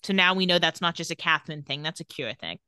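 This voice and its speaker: A woman's voice: deep voice, animated, quick pace, sharp tone, clear, resonant tone, dry recording, clean studio sound. A woman co-hosting a casual podcast, retelling scenes and quoting the characters' lines with playful emphasis. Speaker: podcast co-host. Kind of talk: casual recap chat.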